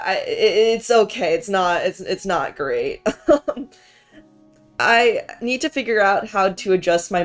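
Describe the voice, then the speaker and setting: A woman hosting a casual science stream from home, chatty and giggly, with lots of "um" and "like" as she greets her viewers. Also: medium pitch. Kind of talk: casual chat. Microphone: home streaming mic.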